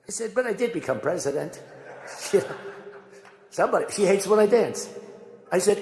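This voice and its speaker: Older man, rambling speech, gravelly voice, big echoey hall. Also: high voice, moderate pace, long pauses. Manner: rambling, conversational, animated storytelling. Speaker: political speaker. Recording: echoey hall with long reverb.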